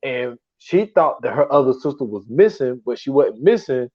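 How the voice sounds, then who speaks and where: Animated casual man retelling a show. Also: medium pitch, normal speed, dull audio. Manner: animated storytelling, acts out quotes, profane. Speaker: podcast co-host. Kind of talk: casual chat reviewing shows.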